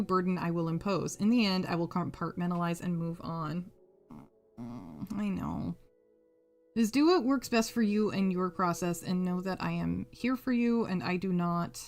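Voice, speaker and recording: Chatty woman streamer with faint guitar behind. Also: lowish voice. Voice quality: animated, laughs often, swears casually. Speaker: craft streamer reading chat. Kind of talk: casual live-stream chat. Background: faint guitar music.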